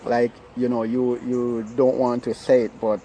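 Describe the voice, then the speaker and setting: Earnest man with a mellow voice. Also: mid-range voice, level tone, a little slow, a little hiss or hum, low-quality recording. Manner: earnest, repetitive, keeps asking "right?". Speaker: relationship speaker. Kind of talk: informal advice talk.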